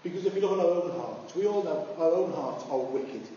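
Preacher echoing in a big hall. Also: male voice, a little fast, slight background noise. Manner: animated storytelling, rising high when acting out voices. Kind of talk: sermon. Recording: far-off, echoey hall, dull sound.

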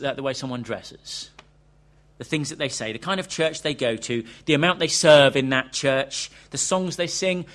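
A man's voice: fairly high pitch, a bit bright. Preacher guy, earnest sermon, voice swings up and down a lot. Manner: earnest, questioning, reads quotes aloud.

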